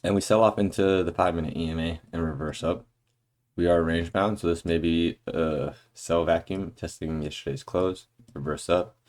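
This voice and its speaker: A man's voice: deep voice, fairly even intonation, normal speed, darkish tone. A man casually talking through a trading chart breakdown early in the morning, rambling and correcting himself, with occasional hiccups. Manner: rambling, self-correcting, goes off on tangents.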